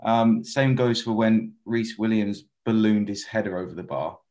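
Low-voiced, jokey man on a podcast. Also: fairly even intonation, normal speed, a little mellow. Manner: jokey, self-mocking storyteller. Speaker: podcast co-host. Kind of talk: casual football podcast chat.

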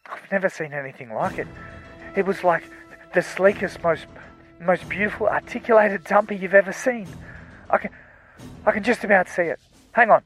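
A man voicing a frightened male miner hiding on the moon in a radio comedy sketch, talking in a hushed, nervous way. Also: high-pitched, normal speed, long pauses, soft background music, low-quality recording. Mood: hushed, scared.

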